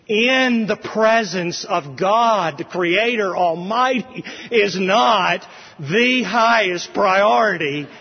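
The dull recording carries a long hall reverb as a pastor preaches an expository sermon in a sanctuary. His fairly high voice has a breathy edge, and he's earnest and forceful, repeating phrases for emphasis.

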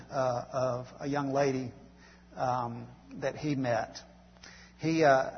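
A man preaching a sermon and telling a story, speaking softly and haltingly with fillers, growing quieter on tender lines. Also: mid-range voice. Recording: dull hall sound with faint hum.

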